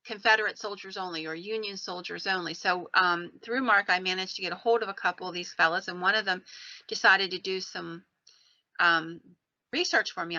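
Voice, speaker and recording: A woman hosting a podcast, telling a ghost story in an animated, digressive way. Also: mid-range voice, no echo, highs cut off. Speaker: podcast host.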